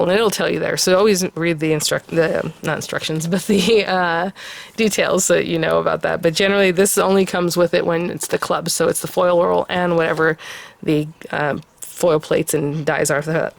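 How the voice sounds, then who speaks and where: A woman's voice: lowish voice, vocal fry. Gushing, chatty craft-channel woman. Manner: chatty and gushing, many fillers. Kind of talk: casual unboxing review.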